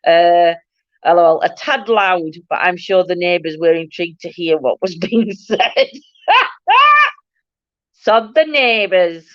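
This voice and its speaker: A woman's voice: on the low side, no echo, dull audio. A woman with a broad Barnsley Yorkshire accent, hosting a chatty livestream and laughing often as she reads viewer comments. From Yorkshire, England. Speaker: livestream host. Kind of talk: casual chat reading viewer comments.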